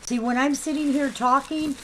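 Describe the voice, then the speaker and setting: A woman hosting a live figurine sale in casual chat, reading out item names and numbers slowly and clearly. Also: high voice, steady tone, fairly bright tone, a little hiss or hum.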